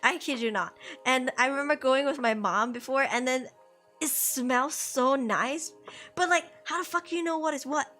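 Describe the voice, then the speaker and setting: A woman's voice: sits high, moderate pace, sharp tone, soft background music. A young woman streamer in her twenties chatting casually into a headset, slangy, laughing often. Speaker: VTuber streamer. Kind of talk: casual chat.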